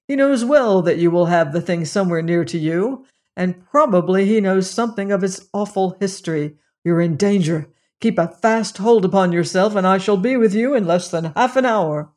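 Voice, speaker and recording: A narrator doing an anxious, grim old doctor. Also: male voice, sits high, darkish tone, natural voice. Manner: urgent, grim, warning. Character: anxious older male doctor, the hero's father.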